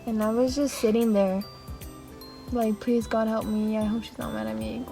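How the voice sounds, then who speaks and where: A young woman tells a storytime in a rambling, animated way, acting out what everyone said. Her voice sits a little high, with soft music under it. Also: moderate pace, vocal fry, poor audio. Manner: rambling and animated, with laughs and acted-out quotes. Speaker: vlogger. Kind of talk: casual storytime.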